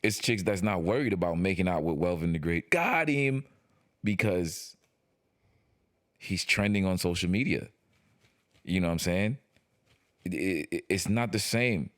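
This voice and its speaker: Low-voiced man in casual podcast banter. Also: moderate pace, pauses often, no room sound, studio quality. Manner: animated, slangy, repeats words when starting a point. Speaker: podcast co-host. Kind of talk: casual chat.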